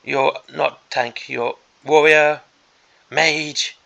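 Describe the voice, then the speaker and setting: Gravelly, exasperated miniatures vlogger man. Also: a little high, steady tone, drawn-out words, bright, forceful tone. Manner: exasperated, sarcastic. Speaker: miniatures hobby channel host. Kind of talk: ranting preview commentary.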